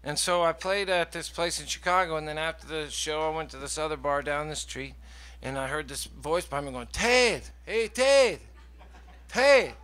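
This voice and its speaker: A man with a Southern accent, telling a halting, dryly funny story between songs at a concert. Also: on the high side, level tone, pushed and bright, clear, resonant tone. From Oregon and the US South. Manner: rambling, halting, dry humor. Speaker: singer-songwriter. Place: live music venue. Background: guitar music.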